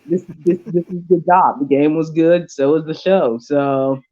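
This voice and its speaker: A podcast co-host talking through an episode in a slow, emotional, reflective way. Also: medium pitch, fairly even intonation, dark tone. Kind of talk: casual review chat. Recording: dull lo-fi sound.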